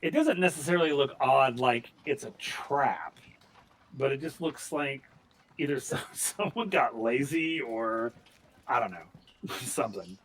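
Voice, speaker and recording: A man's voice: medium pitch, lively intonation, measured pace, a bit bright, distant mic, a little hiss or hum. A man narrating a tabletop game as game master, chatty and breaking into laughter often.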